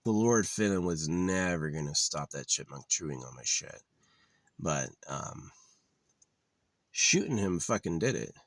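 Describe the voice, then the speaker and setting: A man's voice: deep voice, lively intonation, measured pace, no echo. A man talking in a casual, rambling monologue, blunt and profane with a wry edge. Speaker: vlogger. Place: living out of his car.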